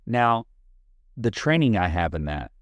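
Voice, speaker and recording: A man's voice: fairly low pitch, very animated, unhurried, no echo, highs cut off. A man co-hosting a family counseling talk show, explaining communication tools with everyday examples in a thoughtful, conversational way. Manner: reflective, explains with examples, thinks aloud. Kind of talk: conversational podcast discussion.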